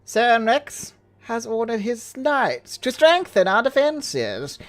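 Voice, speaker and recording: A man putting on a slow, solemn aristocratic count with a put-on British accent, voice lifted a little higher than his own, reading game lines over soft music. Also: huge pitch swings, heavily acted. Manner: slow, measured, solemn delivery. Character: stately noble male count, grave and formal. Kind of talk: reading game dialogue aloud.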